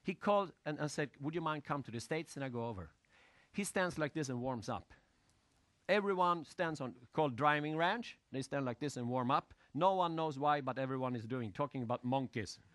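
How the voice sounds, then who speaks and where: A man lecturing an audience with lively storytelling, asking questions and using loose, broken grammar. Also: on the high side, normal speed, no room sound. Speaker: motivational speaker.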